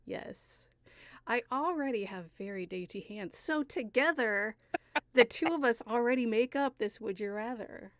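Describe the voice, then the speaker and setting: A woman co-hosting a casual podcast chat, playful and quick to laugh. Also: fairly high pitch, dry recording, studio quality. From Illinois. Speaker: podcast co-host.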